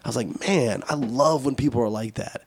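A young man, a bit hoarse from losing his voice, telling a story in casual podcast chat and acting out quoted lines in a higher voice. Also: fairly quick. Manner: animated storyteller, acts out quotes with a raised voice. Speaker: podcast host.

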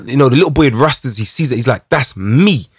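A man's voice: medium pitch, racing, breathy edge, dry recording, clean studio sound. A man talking animatedly in a casual podcast conversation, using street slang as a guest. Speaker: guest, writer and father.

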